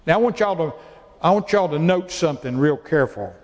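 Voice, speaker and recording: A man's voice: fairly high pitch, animated, fairly quick, darkish tone, big-room sound. A male pastor preaching a sermon in a folksy way, repeating phrases for emphasis.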